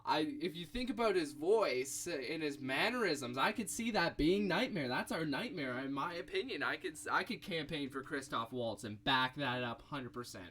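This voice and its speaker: A young man co-hosting a casual podcast chat, animated and thinking aloud with fillers as he goes. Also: on the high side, normal speed, hardly any pauses, slight background noise. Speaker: podcast co-host.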